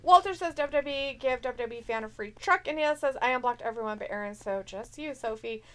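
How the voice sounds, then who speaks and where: A woman's voice: fairly high pitch, brisk. A woman co-hosting a live stream, chatting casually and reading viewer messages aloud in a teasing, jokey way.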